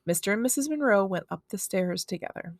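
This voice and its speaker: A woman reads a children's book aloud in a friendly, expressive way. Her voice has a gravelly fry underneath. The sound is dry and close, with no room echo. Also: mid-range voice, a little fast. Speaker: read-aloud storyteller.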